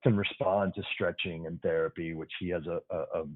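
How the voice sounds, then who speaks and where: A deep, steady-toned man talks briskly over a dry, phone-like remote connection with no echo. He works as an emergency physician and, as a podcast guest in a casual interview, explains things plainly and cheerfully.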